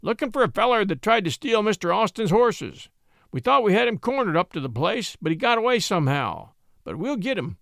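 A man's voice: high-pitched, very animated, a little fast, creaky, dry recording, clean studio sound, pitched above the performer's own voice, heavily acted. Man doing a pushy country deputy. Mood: insistent. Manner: loud, insistent country talk. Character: pushy rural male deputy hunting a fugitive.

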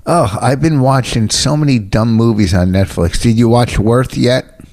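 A man who is a stand-up comedian and podcast host, talking in a rambling, low-key way. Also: normal speed, darkish tone. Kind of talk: casual chat.

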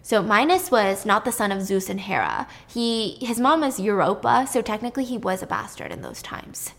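A woman's voice: medium pitch, lively intonation, normal speed, vocal fry. A woman casually retelling a myth in a chatty, irreverent way, swearing now and then. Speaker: storyteller.

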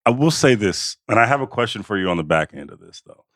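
A man's voice: on the low side, big pitch swings, fast, a bit bright, no room sound, clean studio sound. A man co-hosting a podcast, telling a sports story in casual chat with lots of repeated phrases. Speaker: podcast co-host.

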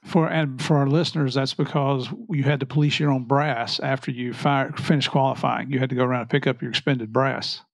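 A man's voice: mid-range voice, steady tone, fairly quick, creaky, hardly any pauses, dry recording. A man co-hosting an interview podcast, a former firearms instructor, explaining things plainly for the listeners. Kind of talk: casual interview chat.

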